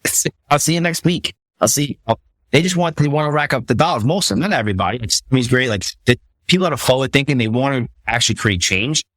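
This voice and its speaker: A man's voice: medium pitch, expressive, quick pace, a bit bright, no room sound. A middle-aged man, a retired fire captain, telling stories as a podcast guest in a blunt, profane way, often restarting his sentences. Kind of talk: casual storytelling conversation.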